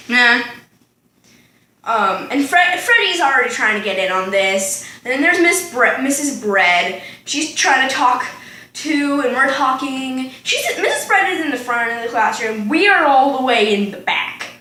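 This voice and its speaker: This vlogger, a teenage girl in her home kitchen, has a slightly high, sing-song voice that sounds pushed and bright at a normal speed. She's doing a casual storytime chat, wandering onto tangents with plenty of ums and likes, in an echoey room.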